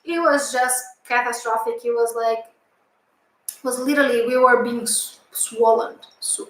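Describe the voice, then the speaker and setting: A woman's voice: a little high, steady tone, normal speed, fairly bright tone. Woman telling her story, lots of ums and restarts, very echoey room. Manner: hesitant, lots of fillers and restarts, earnest. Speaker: channel host recounting a past-life memory. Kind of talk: casual storytelling.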